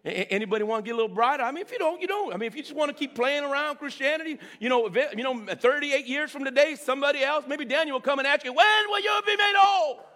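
A man preaching a sermon with enthusiasm, repeating words and swinging between loud calls and low murmurs. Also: rapid-fire, hardly any pauses, in a large hall.

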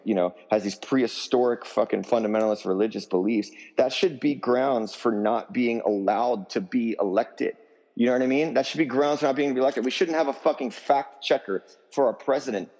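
A man's voice: mid-range voice, darkish tone, long reverb tail, low-quality recording. A man being interviewed as a musician guest, talking in a fired-up, profane, emphatic rant. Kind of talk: heated interview talk.

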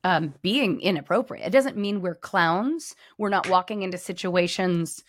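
A woman's voice: lowish voice, lively intonation, a little slow, a little hiss or hum. A middle-aged woman, a former pastor, hosting a podcast in casual conversation and telling stories animatedly with voiced quotes. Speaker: podcast host.

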